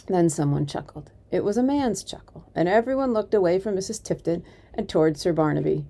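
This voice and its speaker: Expressive woman reading a storybook. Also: lowish voice, gravelly. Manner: expressive, varied storytelling with soft dips. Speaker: community volunteer reader. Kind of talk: reading a children's novel aloud.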